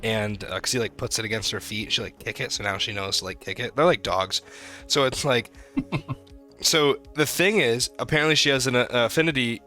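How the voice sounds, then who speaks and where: A young man in his twenties co-hosting a podcast, telling rambling, animated stories in casual chat. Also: mid-range voice, moderate pace, soft background music. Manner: rambling, animated storytelling with profanity. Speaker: podcast co-host.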